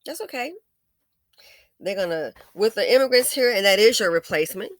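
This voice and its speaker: A woman's voice: mid-range voice, lively intonation, normal speed, dry recording, clean studio sound. A woman hosting a commentary video, ranting in an angry, profane, scolding way. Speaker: commentary channel host. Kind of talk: blunt commentary rant.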